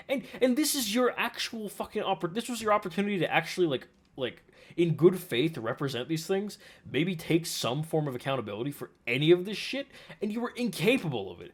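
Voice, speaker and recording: A man's voice: on the high side, very animated, fairly quick. A man reacting to a video with exasperated, profane ranting commentary. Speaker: commentary streamer.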